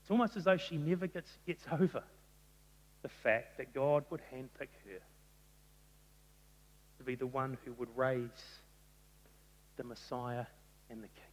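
A man preaching a sermon, telling the story in an animated way and acting out the quotes. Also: mid-range voice, unhurried, pauses often. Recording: long reverb of a large hall.

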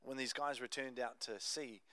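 Young guy pastor, chatty animated sermon, mid-pitched clear voice. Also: normal speed, no room sound. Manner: conversational, animated storytelling with asides.

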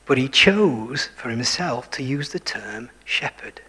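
A man preaching a sermon, dropping to hushed whispers for emphasis and putting questions to his listeners. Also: medium pitch, animated, unhurried, breathy edge. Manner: shifts between full voice and hushed whispers for emphasis; self-deprecating, asks the listeners questions. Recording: long hall reverb.

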